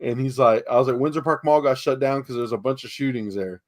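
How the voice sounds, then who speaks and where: On a laid-back podcast, a Texan from San Antonio speaks quickly in a mid-range voice, spinning rambling tales of property deals. He voices the dialogue himself and leans heavily on fillers.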